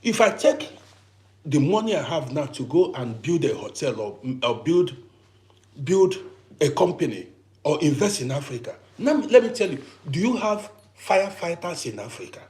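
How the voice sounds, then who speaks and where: A man in his fifties lectures his viewers with emphatic rhetorical questions. His voice sits a little high for a man and swings widely up and down as he drives his points home. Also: very animated, normal speed, warm tone. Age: 50s. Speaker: vlogger giving advice. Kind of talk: advice monologue.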